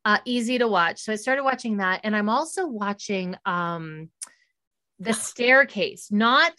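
A woman's voice: medium pitch, measured pace. Chatty middle-aged woman telling stories. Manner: chatty storyteller, animated and laughing. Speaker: podcast co-host. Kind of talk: casual chat.

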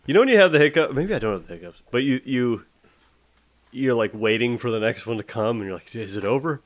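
A man's voice: medium pitch, lively intonation, fast. A man co-hosting a casual drinks chat, rambling with frequent restarts and easy laughter. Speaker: podcast co-host.

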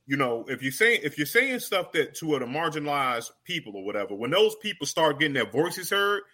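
A man's voice: on the high side, big pitch swings, brisk, sharp tone. A man co-hosting a casual group chat, rambling and restarting often, full of slang. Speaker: podcast co-host.

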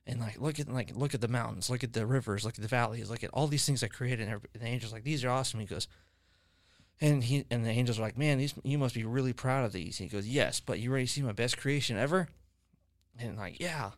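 A fast-talking man with a mid-range voice hosts a podcast, chatting casually with guests about faith. He tells long, meandering stories loaded with fillers and restarts, in clean studio sound without echo.

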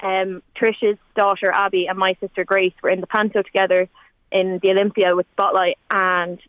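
A woman's voice: medium pitch, little pitch movement, normal speed, dry recording. A woman in her twenties with an Irish accent, talking in a rambling, chatty way with many fillers as a guest on a radio phone-in. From Ireland. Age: 20s. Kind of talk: emotional radio phone-in chat. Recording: tinny phone line, dry.

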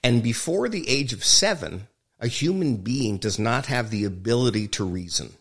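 A man's voice: mid-range voice, expressive, moderate pace, fairly bright tone, husky. A man, a film director, talking frankly and emphatically as a guest in an interview, swearing freely and joking. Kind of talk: candid interview conversation.

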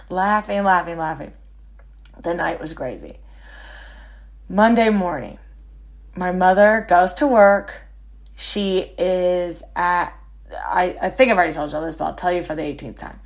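A woman hosting a podcast, telling stories in a chatty, self-mocking way with quick asides. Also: medium pitch. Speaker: podcast host. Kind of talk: casual storytelling monologue.

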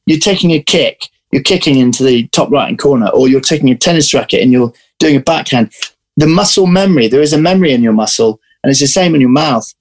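A man, an actor, chatting in an interview, telling lively stories and restarting his sentences often. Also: medium pitch, quick pace. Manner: animated storyteller, restarts often. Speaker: actor guest. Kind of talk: casual interview chat.

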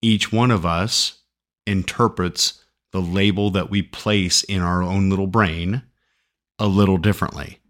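A man co-hosting a podcast, chatting casually, joking at times and thinking aloud with halting restarts. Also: sits low, steady tone, a bit bright. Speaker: podcast co-host. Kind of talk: casual chat.

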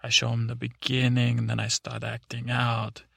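A man's voice: medium pitch, completely flat delivery, normal speed, creaky, fairly bright tone, slightly rough, no echo, clean studio sound, full character voice. A man voicing a rambling woman superhero with a thick Eastern European accent and broken English, in a sleep story.

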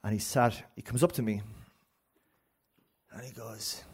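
Animated Irish man telling a story. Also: lowish voice, unhurried, long pauses, slightly rough. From Ireland. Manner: rambling and animated, with frequent restarts and laughs. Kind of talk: live story slam storytelling.

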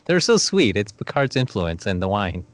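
A man in casual chat, upbeat, with quick reactions and asides. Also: lowish voice, sing-song.

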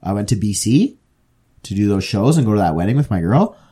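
Animated swearing young man telling stories. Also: on the low side, brisk, slightly rough. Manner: animated, swears a lot, jumps into mock quotes. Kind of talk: casual chat, storytelling.

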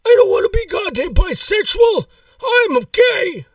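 A man voicing a furious old male war veteran on a prank call, shouting and cursing in a high, strained voice that breaks into sobs. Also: big pitch swings, measured pace, dry recording, distant mic, highs cut off, heavily acted. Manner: shouting, cursing, sobbing rants. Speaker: prank caller.

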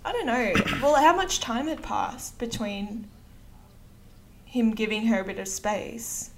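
A woman's voice: on the high side, lively intonation, slow pace, slight background noise. A woman in a casual podcast chat about a film, making brief, tentative remarks.

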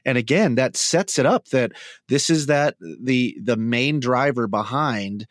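A man's voice: mid-range voice, expressive, unhurried, no room sound, clean studio sound. A man co-hosting a casual faith podcast, talking in a reflective, searching way. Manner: reflective, lots of fillers and restarts. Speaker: podcast co-host.

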